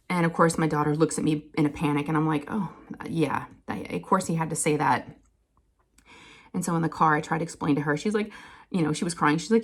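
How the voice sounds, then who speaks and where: A woman, chatting casually to her viewers and telling an animated family story with frequent laughter. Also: fast. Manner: chatty, animated, laughs often, quotes people in higher voices. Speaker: crafting channel host.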